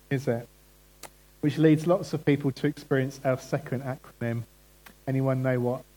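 A man's voice: mid-range voice, a little mellow, poor audio. A man preaching a conversational sermon and putting questions to the congregation. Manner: chatty, asks the congregation questions.

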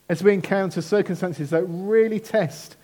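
Earnest preacher man, slightly high voice. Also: a little mellow. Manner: earnest, emphatic, slows on key phrases. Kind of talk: sermon.

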